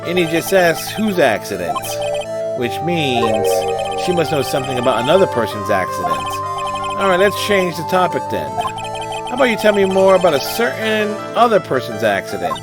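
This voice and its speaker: A sharp young defense lawyer presses a witness with pointed questions, his pitch rising and falling freely. A man reads him in close to his own voice. Game music runs under the reading. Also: very animated, normal speed. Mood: pressing. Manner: pointed, questioning, shouting objections. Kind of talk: reading a video game aloud on a live stream. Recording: game music playing behind.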